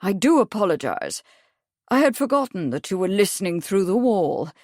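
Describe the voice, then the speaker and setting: A woman's voice: mid-range voice, sing-song, normal speed, a little mellow, no echo, clean studio sound. A woman voicing a polite, probing male barrister questioning a witness in an audiobook. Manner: courteous, mild, precise questioning.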